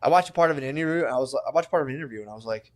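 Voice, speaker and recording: A man's voice: medium pitch, rapid-fire. A man in his thirties co-hosting a podcast in crude, laughing banter, acting out quotes as he tells stories. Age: 30s. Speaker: podcast co-host. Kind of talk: casual comedic banter.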